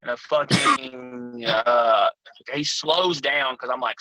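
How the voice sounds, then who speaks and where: A man's voice: mid-range voice, big pitch swings, slow, creaky, bright, forceful tone, no room sound, faint music behind, rough recording. A man telling profane, rowdy road stories in a casual chat as a guest. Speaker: pro wrestler guest.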